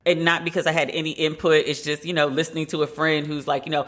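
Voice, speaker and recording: A woman hosts her podcast alone from her open-plan home loft and talks in a lively, casual way. Her voice is bright and forceful. She chats in long running stretches with plenty of "like" fillers. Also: sits low, fast. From based in Los Angeles. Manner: chatty and animated, many "like" fillers. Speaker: podcast host. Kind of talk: casual solo chat.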